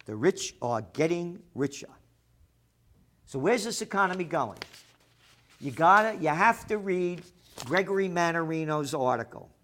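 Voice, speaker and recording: A man hosting a commentary show, ranting sarcastically with lots of profanity, swinging between shouting and muttering. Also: a little high. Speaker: show host.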